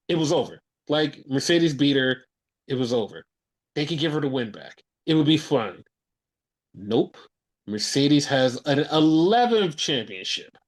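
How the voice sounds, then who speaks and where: A man with a fairly high voice hosts a loose, casual podcast and swears freely as he rants. He tells his stories with animated, excitable energy, and his heat keeps climbing. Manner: profane, heated ranting. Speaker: podcast host. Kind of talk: casual wrestling podcast chat.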